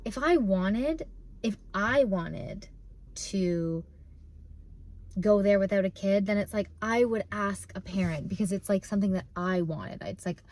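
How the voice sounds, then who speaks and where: A woman's voice: mid-range voice, warm tone. Young woman talking tearfully in a parked car. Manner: rambling, full of fillers and restarts. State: close to tears. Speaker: vlogger. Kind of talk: casual emotional vlog.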